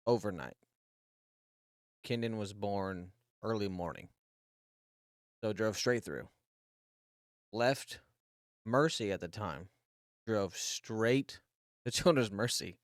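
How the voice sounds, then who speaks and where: A man's voice: fairly low pitch, dry recording, clean studio sound. A man in his thirties, a podcast co-host, telling a long personal story in a rambling, casual way, swearing freely and restarting his sentences often.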